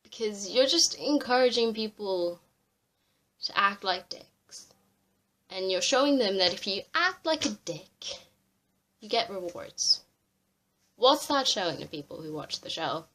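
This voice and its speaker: A young woman delivers an exasperated vlog rant, swearing freely. Her voice sits in an ordinary middle pitch, and she flares into animated outbursts. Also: measured pace, pauses often. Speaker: vlogger. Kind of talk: ranting commentary.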